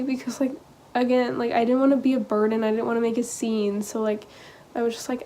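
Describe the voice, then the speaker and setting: A teenage girl vlogging, telling a personal story in a halting, casual way full of "like" and "um.". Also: on the high side, little pitch movement, warm tone, slight background noise. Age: teens. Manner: hesitant, halting, heavy use of "like" and "um".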